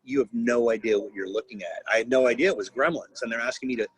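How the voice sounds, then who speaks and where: A man's voice: mid-range voice, fast, slightly rough, rough recording. A man in his fifties, a guest voice actor, telling rambling stories on a video call, restarting often and laughing. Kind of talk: casual anecdotal interview.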